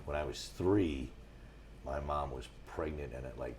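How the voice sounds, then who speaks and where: A man, a guest on a talk show, telling rambling stories with a lot of restarts and getting animated as he goes. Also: extremely low pitch, a little slow, slight background noise. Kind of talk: casual storytelling on a talk show.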